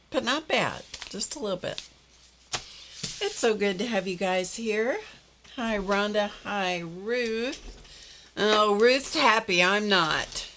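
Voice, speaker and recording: A woman's voice: medium pitch, a bit bright, a little hiss or hum. An older woman hosting a live stream, chatting casually with viewers, greeting them by name and laughing often. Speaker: livestream host greeting viewers. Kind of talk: casual chat reading viewer comments.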